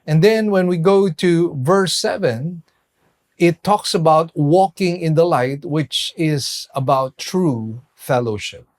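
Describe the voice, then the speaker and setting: A male pastor giving a measured sermon, pausing for emphasis as he explains scripture. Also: a little high. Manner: slow, measured preaching with emphatic pauses.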